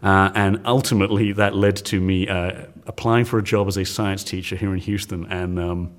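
A man in his forties from the United Kingdom, a science teacher telling stories as a guest in an interview, animated and laughing often. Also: sits low, moderate pace. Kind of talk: storytelling in an interview.

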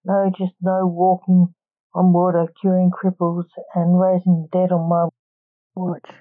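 A woman's voice: fairly low pitch, monotone, measured pace, narrow, tinny audio. A woman voicing an exasperated male hospital doctor in a read-aloud story.

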